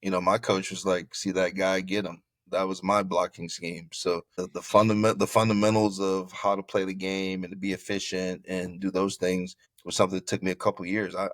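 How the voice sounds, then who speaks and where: In an interview, a middle-aged former football player from Florida tells his story in a low voice, animated and repeating phrases. There's no room sound in the recording.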